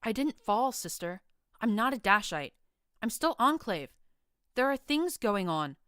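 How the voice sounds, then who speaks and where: A woman's voice: sits low, lively intonation, normal speed, fairly bright tone, clear, resonant tone, no echo, clean studio sound. A woman reading an earnest young pegasus mare in an audiobook, brittle and pleading.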